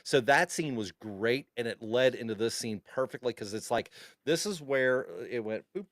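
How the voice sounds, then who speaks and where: A man's voice: mid-range voice, expressive, normal speed, no echo, studio quality. A man co-hosting a podcast, chatting in a rambling way and laughing often. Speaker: podcast co-host. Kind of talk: casual chat.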